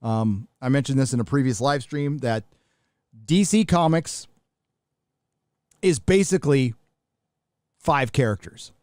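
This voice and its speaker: A middle-aged American man hosts a casual live show, talking bluntly with swearing and lots of restarts. His voice sits at an ordinary pitch for a man. It is recorded on a close, dry mic with no room sound. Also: measured pace, long pauses, a little mellow, dry recording. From United States. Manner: blunt, profane, rambling with restarts. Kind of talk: casual livestream commentary.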